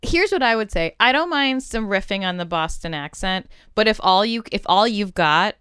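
A woman co-hosting a podcast in frank, joking conversation. Her voice is very clean and crisp, recorded close and dry. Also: mid-range voice, lively intonation, moderate pace, fairly bright tone, no echo. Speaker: podcast co-host. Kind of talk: casual chat.

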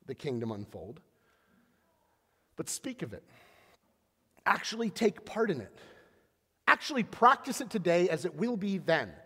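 Animated high-voiced male pastor preaching. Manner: conversational, animated storytelling with sports analogies. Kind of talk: sermon. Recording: long hall reverb.

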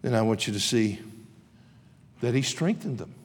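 A man's voice: mid-range voice, lively intonation, moderate pace, slightly rough. A man preaching a sermon in an impassioned, emphatic way, recorded in a large chapel. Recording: reverberant hall.

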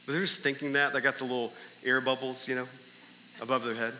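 A man's voice: mid-range voice, flat delivery, fairly quick, bright, forceful tone, slight background noise. Man, pastor, sermon, conversational rhetorical questions, long church hall reverb. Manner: conversational, with frequent "right?" asides and rhetorical questions. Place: church sanctuary during a service.

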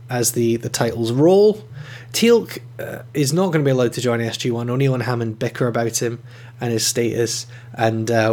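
Guy reviewing an episode casually, lots of uhs, gets excited. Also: medium pitch. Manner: conversational, with frequent fillers and enthusiastic rises. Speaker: podcast host reviewing episodes.

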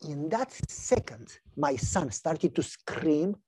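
A man preaching a sermon, telling stories with lively acted-out dialogue. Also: a little high, slow, slightly rough, no echo. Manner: animated storytelling, acts out dialogue. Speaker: pastor.

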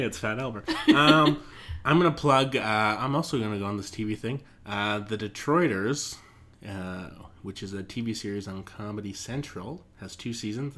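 A man's voice: fairly low pitch, fairly bright tone. A man hosting a podcast in casual chat, playful and laughing often as he rambles, his voice getting tired. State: voice tiring. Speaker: podcast host.

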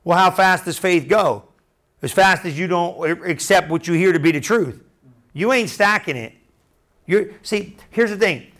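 A male preacher delivering a sermon with a fairly high voice. He talks loosely and conversationally, circling back on phrases and checking in with the room. His tone stays animated and direct. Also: normal speed. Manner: conversational, animated, repeats and restarts phrases, asks the room questions.

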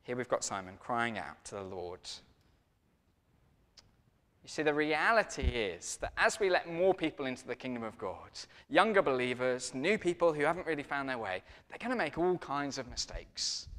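A man preaching a sermon in a lively, conversational storytelling way. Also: medium pitch, moderate pace, in a large hall.

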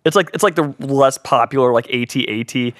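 A man's voice: medium pitch, brisk, no echo. A young man co-hosting a casual podcast, joking around and laughing easily. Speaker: podcast co-host.

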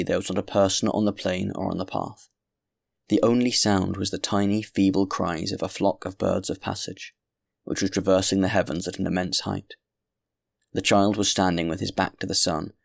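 Deep, gravelly male narrator. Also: no echo, studio quality. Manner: measured, grave literary reading. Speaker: audiobook narrator. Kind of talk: scripted narration.

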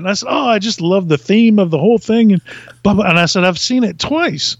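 Comic storyteller, man from Virginia, high voice, laughs a lot, dull dry lo-fi recording. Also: fast talker, no echo. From Virginia, USA. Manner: animated, laughs through his stories. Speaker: podcast guest.

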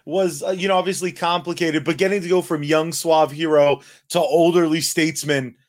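A man's voice: fairly high pitch, fairly even intonation, normal speed. A man co-hosting a podcast over a remote call, talking loosely and crudely, often laughing. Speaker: podcast co-host. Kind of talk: casual chat. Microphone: remote call mic.

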